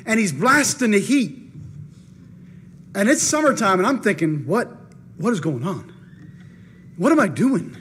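A man preaching, telling a personal story in an animated first-person way and acting out his own thoughts. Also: high-pitched, unhurried, long pauses, slight background noise. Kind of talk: storytelling in a sermon.

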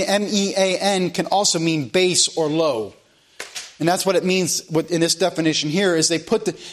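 A man preaching a sermon in an earnest, emphatic way, repeating phrases to drive points home. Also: sits high. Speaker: pastor.

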